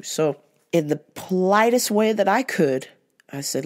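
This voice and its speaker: A woman's voice: lowish voice, expressive, unhurried. A woman hosting a podcast who tells stories in a candid, blunt way and swears freely. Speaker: podcast host. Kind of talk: casual storytelling.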